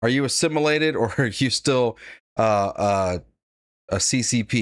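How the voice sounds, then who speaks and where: A man's voice: medium pitch, expressive, unhurried, dry recording. A man giving blunt, sarcastic live-stream commentary, reading out donations and laughing at his own jokes. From United States.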